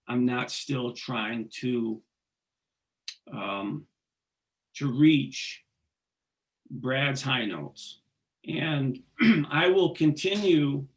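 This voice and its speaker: A man being interviewed, talking earnestly and haltingly, often restarting his sentences. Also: medium pitch, fairly bright tone. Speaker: singer, interview guest. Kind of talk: casual interview conversation.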